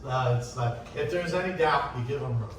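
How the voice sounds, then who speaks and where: A man teaching sailing racing tactics in a casual, anecdotal way, often acting out what other sailors shouted. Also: medium pitch, a little fast. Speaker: sailing instructor. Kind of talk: casual classroom talk on racing rules. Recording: echoey room, distant mic, faint hiss.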